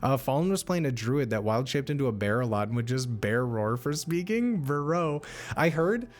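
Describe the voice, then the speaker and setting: A man's voice: medium pitch, big pitch swings, fairly quick. Rambling, enthusiastic young male streamer. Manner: rambling, enthusiastic, swears freely. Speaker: streamer and game master. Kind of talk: casual live-stream chat, answering chat.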